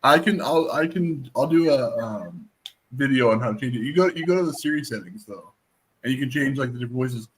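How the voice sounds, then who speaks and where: A man streamer chats casually in a playful, teasing, joking way. His voice is mid-pitched, and his intonation is lively, swinging widely up and down. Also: brisk, a little hiss or hum. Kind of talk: casual chat.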